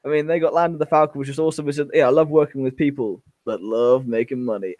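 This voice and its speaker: Gushing, excited male podcast co-host. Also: on the high side, a little fast, no room sound. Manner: gushing, enthusiastic. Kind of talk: casual fan discussion.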